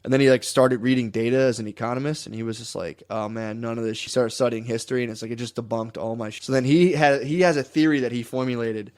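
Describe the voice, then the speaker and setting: Brief: male podcast co-host, mid-pitched voice, rambling and casual, lots of "like" and restarts. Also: steady tone, fast, few pauses, a little mellow. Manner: rambling, loose, with many fillers and restarts.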